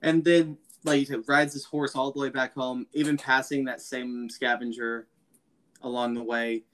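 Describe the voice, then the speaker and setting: A man's voice: medium pitch, level tone, moderate pace, a bit bright. A man co-hosting a podcast, casually sharing his take on a film with jokes along the way. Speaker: podcast co-host.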